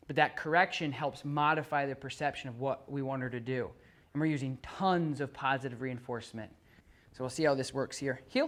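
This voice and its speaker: A dog trainer giving a live demonstration while walking a dog on a leash. The trainer talks steadily and plainly when explaining to the owner. Then the voice jumps up, loud and bright, to call and praise the dog. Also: medium pitch.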